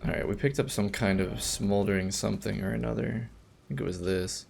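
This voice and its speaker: A man's voice: on the low side, steady tone, brisk, creaky, darkish tone, faint music behind. A man giving casual, rambling commentary while playing a video game, with chatty asides and frequent restarts. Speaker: let's play gamer.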